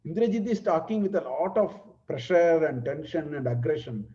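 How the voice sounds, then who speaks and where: A man teaching a scripture class, explaining Sanskrit verses word by word in an unhurried way. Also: a little high, expressive. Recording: dull lo-fi recording.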